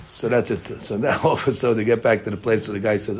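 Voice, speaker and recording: A man teaching a daily Talmud class, an animated storyteller who mixes Hebrew and Aramaic into his English. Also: on the low side, fast.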